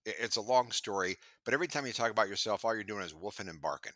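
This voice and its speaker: A middle-aged man on a video call chatting in an interview, telling stories with lively acted-out quotes. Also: on the low side, very fast, no room sound. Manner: animated storyteller, acts out quoted voices. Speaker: sales trainer and podcast guest. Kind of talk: casual interview chat.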